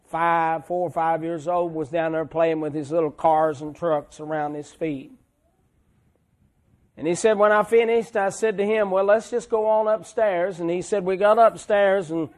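A man's voice: sits high, darkish tone. A man preaching a sermon, telling folksy stories and swelling into emphatic lines. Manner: slow, folksy storytelling with rising emphatic swells.

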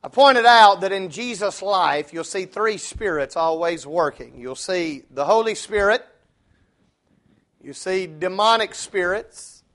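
A male preacher, delivering a sermon and telling a story with rising intensity. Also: fairly bright tone. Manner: storytelling, rising in pitch and force for the punchline.

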